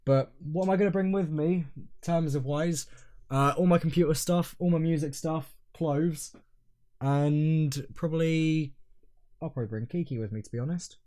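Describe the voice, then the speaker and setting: A man's voice: fairly high pitch, moderate pace. Hesitant young man, rambling. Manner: rambling, hesitant, trailing off quietly. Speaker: podcast co-host. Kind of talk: casual chat.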